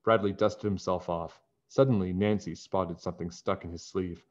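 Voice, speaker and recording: A man reading a children's book aloud in a calm, even narrating voice. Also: deep voice, moderate pace. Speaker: storybook reader. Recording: dull lo-fi recording.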